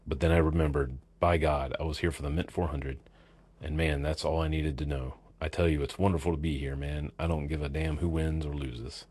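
A man putting on a drunk middle-aged biker who rambles on in a cursing, boozy drawl. The voice sits extremely low and dark, with a husky edge and a dry, close sound. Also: fairly even intonation, fairly quick. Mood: boozy rambling. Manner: profane, rambling, laughing.

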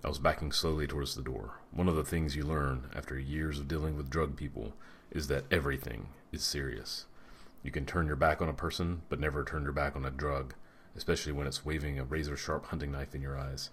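A male narrator reading an audiobook with measured, dry delivery. His voice is extremely low, heavy and deep, and he keeps an even, unhurried tone throughout. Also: slight background noise.

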